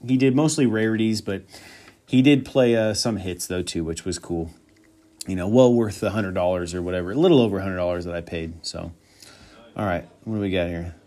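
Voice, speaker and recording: A man's voice: deep voice, brisk, dark tone. Man rambling through a solo podcast. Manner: rambling, profane, thinking aloud. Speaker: podcast host. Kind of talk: casual solo chat.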